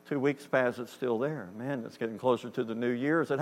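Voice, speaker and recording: A man's voice: medium pitch, steady tone, a little fast, hardly any pauses. A man preaching a storytelling sermon in a conversational way, acting out dialogue and asking the congregation if they hear him. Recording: reverberant hall with faint hum.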